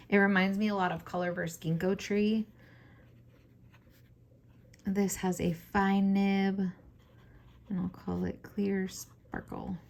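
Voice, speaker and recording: A woman with a scratchy, hoarse voice chatting in a relaxed, enthusiastic way, with plenty of fillers. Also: fairly low pitch. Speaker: fountain pen vlogger. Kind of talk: casual show-and-tell.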